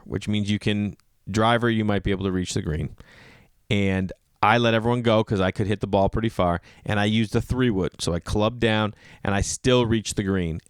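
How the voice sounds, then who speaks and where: Low, clear and resonant, the voice belongs to a stand-up comedian hosting a podcast and telling funny stories in a relaxed monologue. He's animated, uses "like" a lot, and acts out others' lines in a raised voice. The studio-quality recording has no room sound.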